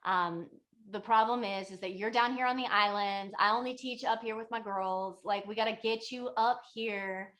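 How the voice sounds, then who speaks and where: A woman's voice: mid-range voice, steady tone, normal speed, fairly bright tone, lightly acted. A woman voicing a stern, impatient female yogini teacher who scolds in offhand modern slang. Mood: resigned.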